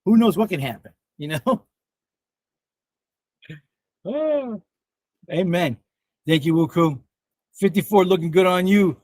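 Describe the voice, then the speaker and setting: A man in his fifties hosting a casual livestream and reading the chat, excitable, laughing often and swearing freely. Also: high-pitched, slow pace, pauses often, no echo. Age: 50s.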